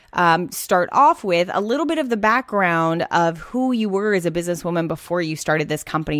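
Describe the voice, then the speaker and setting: A woman's voice: fairly low pitch, no echo. A woman hosting a podcast interview, bubbly and upbeat, laughing often and tripping over her words now and then. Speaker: podcast host.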